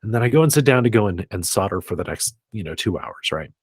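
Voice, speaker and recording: A man tells a workplace story with lots of rise and fall in his voice. His tone is a little husky. The sound is dry and close, with no room in it. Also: lowish voice, fast, dry recording. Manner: animated storyteller acting out quoted voices. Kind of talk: storytelling in a group video call.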